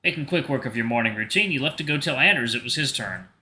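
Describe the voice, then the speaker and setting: Lively bright-voiced young man narrating. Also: mid-range voice, fast talker. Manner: narrates in second person, lively delivery. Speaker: visual novel reader. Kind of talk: reading a visual novel aloud.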